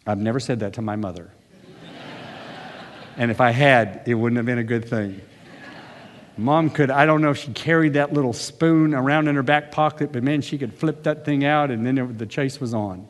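A man's voice: mid-range voice, normal speed, big-room sound. A man preaching a sermon earnestly, with conversational asides. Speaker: pastor.

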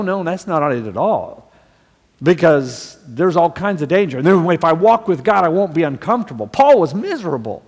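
A man delivers a sermon in an earnest, fairly high voice, pressing hard on key words. His voice carries a long reverb, as if heard in a large hall. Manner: earnest, rising to emphatic stresses. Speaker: preacher.

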